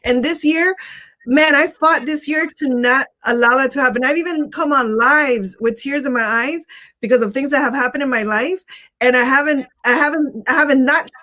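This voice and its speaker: A woman's voice: high voice, moderate pace, pushed and bright. Emphatic woman giving motivational talk. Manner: emphatic, repeats key phrases. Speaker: motivational live-stream host.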